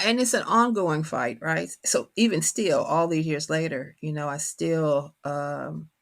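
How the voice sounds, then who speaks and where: Her deep voice has vocal fry and a fairly bright tone. A middle-aged Kentucky author with a country accent, she speaks thoughtfully during a reflective interview, searching for her words.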